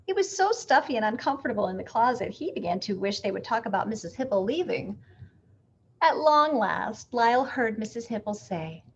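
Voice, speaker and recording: A woman reading a picture book aloud with expressive, animated storytelling. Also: a little high, normal speed, lo-fi sound, a little hiss or hum.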